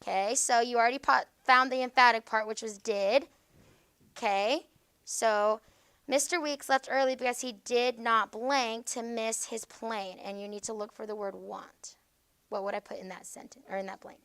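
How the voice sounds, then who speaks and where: Walking her class through grammar, a patient woman teacher explains each point and often checks in with a brief "okay?". Her voice is fairly high, bright and forceful, yet steady in tone and smooth.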